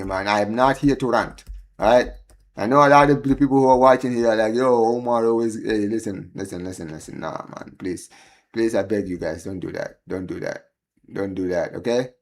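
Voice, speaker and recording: A man hosting a live football watchalong stream. He rants, pleads and chats to his viewers in an excitable, exasperated way. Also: mid-range voice. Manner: chatty, addresses viewers as guys and bro. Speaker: livestream host.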